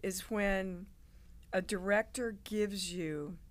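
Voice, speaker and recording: An older woman, a guest actress, telling animated stories in a casual interview and acting out the people she quotes. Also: medium pitch, slow. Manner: animated storyteller, acts out quoted voices.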